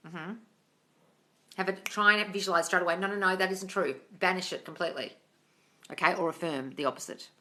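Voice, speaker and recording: A young woman runs a casual live Q&A, reading comments aloud and firing back frank, sweary answers. She calls everyone darling. Her voice sits a little low but sounds bright and forceful. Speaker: manifesting coach hosting a live Q&A.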